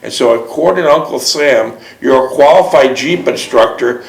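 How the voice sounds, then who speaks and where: A man hosting an interview, pressing with leading questions and then hammering home each point. His voice is gravelly at an average pitch, and it rings around an echoey room. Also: moderate pace, few pauses. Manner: leading questions, emphatic summaries. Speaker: interviewer and host. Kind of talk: interview and book reading.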